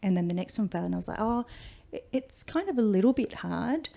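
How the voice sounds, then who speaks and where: Australian woman firefighter, 40s, gravelly, warm-toned, chatty storyteller. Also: medium pitch, fast talker. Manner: chatty, animated retelling with quoted speech. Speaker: guest, firefighter. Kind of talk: casual interview storytelling.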